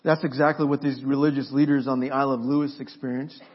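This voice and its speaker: A man preaching a sermon as pastor, pausing for effect and building to forceful emphasis. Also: mid-range voice, little pitch movement, husky. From Mexico. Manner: preaching with dramatic pauses and rising emphasis. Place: church sanctuary. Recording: dull lo-fi sermon recording.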